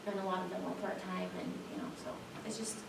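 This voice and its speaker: A woman's voice: on the low side, steady tone, fast, creaky. A woman on village staff earnestly explaining a pay survey at a board meeting. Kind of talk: public meeting talk. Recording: echoey room from far off, background noise.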